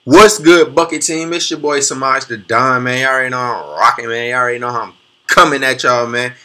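A young man hosting a reaction video, excitable and slangy, talking back at the clips he watches. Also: medium pitch, brisk, soft background music. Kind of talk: hyped casual commentary.

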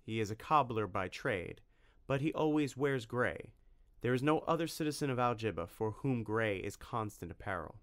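A man narrating a storybook in an expressive reading voice. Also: medium pitch, normal speed. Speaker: audiobook narrator.

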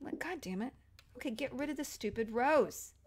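A woman chatting casually with friends while she plays a life-sim game on stream, with quick, excitable exclamations. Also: fairly high pitch, husky. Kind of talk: casual gaming chat.

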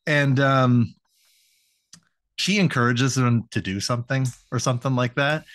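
A man's voice: mid-range voice, a little slow, a bit bright. A young man co-hosting a podcast, retelling an episode in a loose, profane, laughing way. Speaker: podcast co-host. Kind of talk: casual recap chat.

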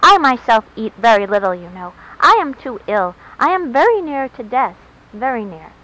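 A woman's voice: a little high, very animated, normal speed, a bit bright. A woman voicing a gushing, self-pitying old widow. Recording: dull lo-fi recording, faint hiss.

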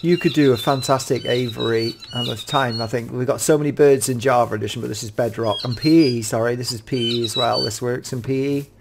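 Excitable man gushing over game mods. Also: mid-range voice, brisk, gravelly, hardly any pauses, noisy background. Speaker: Minecraft YouTuber showcasing mods. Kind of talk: casual gameplay commentary.

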